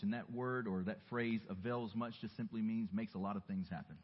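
A man from the Southern US preaches a sermon with earnest storytelling, easing into soft reflective asides. His voice sits low and has a husky edge. The recording is muffled and carries the long reverb of a church hall. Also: steady tone, brisk, few pauses. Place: church sanctuary.

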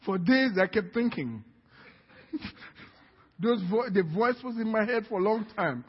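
Pastor, male, high husky voice, story-driven preaching, lo-fi recording with long hall reverb. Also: lively intonation, unhurried. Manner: storytelling with laughs, building to shouts. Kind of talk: sermon. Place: church hall.

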